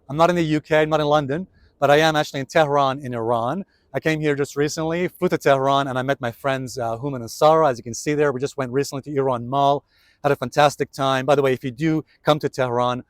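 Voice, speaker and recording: Male vlog host, higher voice, dry close sound, chatty explainer walking outdoors. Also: dry recording. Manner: chatty, explains step by step, addresses viewers as guys. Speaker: trading video host. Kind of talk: casual market commentary vlog. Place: outdoors on city streets.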